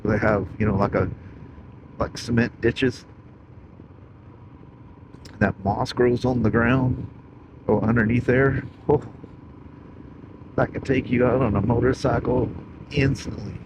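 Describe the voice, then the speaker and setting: A middle-aged man with a Pacific Northwest American accent vlogs outdoors on a rural road, chatting in a folksy, rambling way into a wireless clip-on mic. His mid-range voice is steady and slow, with frequent pauses and background noise behind him.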